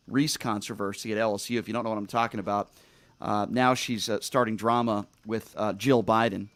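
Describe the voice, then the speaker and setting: A man's voice: on the low side, steady tone, a little fast, fairly bright tone, no room sound. A man hosting a studio talk show, talking emphatically with lots of fillers and restarts. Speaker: radio talk show host. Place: radio studio.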